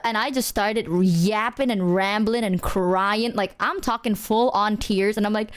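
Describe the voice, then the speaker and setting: A woman's voice: mid-range voice, a little slow, few pauses, clear, resonant tone. A woman streamer chatting casually with her viewers, telling rambling stories and swearing freely.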